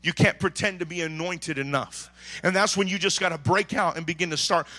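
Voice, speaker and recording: A man preaching a sermon as pastor, swinging between quiet talk and shouted calls to the congregation. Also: sits high, brisk. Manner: preaches with sudden shouts and call-and-response.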